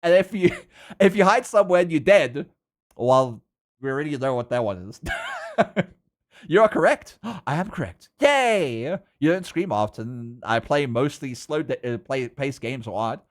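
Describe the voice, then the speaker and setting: A man, chatting casually with his live-stream viewers while drawing, laughing often and getting animated. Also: mid-range voice, normal speed.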